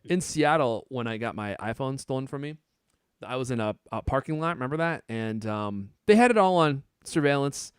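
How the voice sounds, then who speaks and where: A man hosting a podcast in casual chat, joking and animated, stumbling over fillers and restarts. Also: mid-range voice, normal speed, clean tone, no echo, clean studio sound. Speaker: podcast host.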